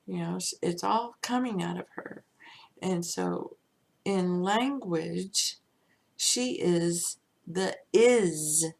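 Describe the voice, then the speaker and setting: A woman giving an unscripted spiritual teaching, musing and drifting into soft whispers and chuckles. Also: mid-range voice, creaky.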